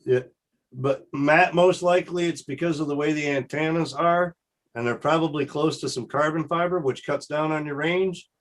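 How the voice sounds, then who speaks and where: Male host, casual chat, fairly high voice, easygoing. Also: normal speed.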